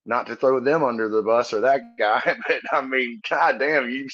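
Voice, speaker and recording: A man's voice: mid-range voice, steady tone, normal speed, fairly bright tone, muffled recording, soft background music. Earnest, profane man telling stories. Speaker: comedian guest. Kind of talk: casual podcast storytelling. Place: Texas.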